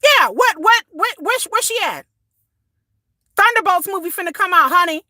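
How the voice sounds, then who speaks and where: A woman, ranting casually to her viewers, sassy and animated, swearing and repeating words as she goes. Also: very high voice, moderate pace, no echo, studio quality. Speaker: commentary vlogger. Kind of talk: casual opinion rant.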